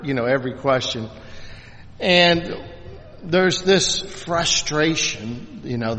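A man teaches a church class, his voice carrying a long reverb as if in a big hall. He talks in a halting, unscripted way, full of restarts and fillers, and pokes fun at himself when he stumbles. His pitch sits in an ordinary middle range. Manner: halting, many restarts and fillers, self-deprecating. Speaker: Bible teacher.

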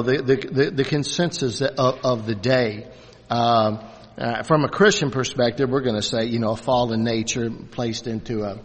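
An older man teaches a church class in a reverberant hall, his speech full of restarts and fillers. His voice sits at a middling pitch. The long echo of the room trails every phrase. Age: 60s. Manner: halting, many restarts and fillers. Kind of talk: church class lecture with questions.

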